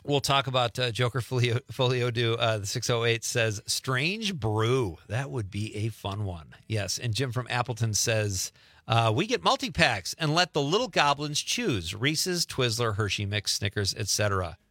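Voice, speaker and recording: A man's voice: medium pitch, expressive, normal speed, fairly bright tone, no echo, studio quality. A man hosting a radio talk show, chatting casually and joking with a guest. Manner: friendly, jokey, reads listener messages. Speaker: radio host. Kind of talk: casual radio interview chat. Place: radio studio.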